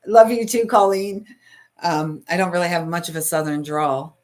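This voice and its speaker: A woman's voice: lowish voice, steady tone, moderate pace. A middle-aged Canadian woman with a Canadian accent, hosting a spiritual live stream in a soothing, chatty way and reading viewer comments aloud. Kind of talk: casual live-stream chat.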